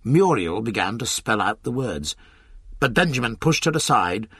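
A man narrating an audiobook with an expressive, dramatic reading. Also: mid-range voice, moderate pace, slightly rough, dry recording, clean studio sound.

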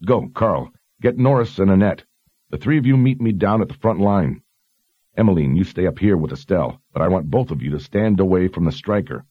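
A commanding woman sergeant, stern and steady in her calm authority, as a male narrator puts her on. The voice stays fairly low and a little husky. The recording is dry and slightly dull. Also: fairly quick, no room sound.

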